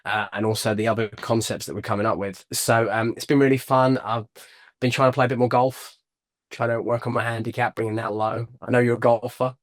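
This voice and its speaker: A man's voice: medium pitch, steady tone, fairly quick. An English man chatting cheerfully on a video call as an interview guest, laughing often. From England. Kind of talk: casual interview chat.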